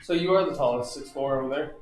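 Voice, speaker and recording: A man's voice: mid-range voice, quick pace. A man playing a tabletop game, hesitant and stumbling as he asks about rolls and prices. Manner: hesitant, stumbling over questions. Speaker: player. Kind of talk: casual tabletop game chat. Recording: echoey room with clear music.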